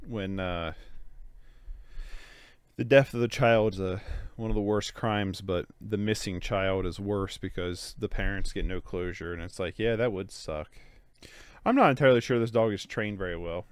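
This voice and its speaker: A young man with a somewhat low, smooth voice and a stuffed-up nose hosts a movie watch-along. He rambles casually, saying "like" constantly. The sound is dry and close. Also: normal speed, dry recording. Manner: rambling, filler-heavy, says "like" often. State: stuffed-up nose and sleepy, yawning. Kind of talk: casual movie reaction commentary.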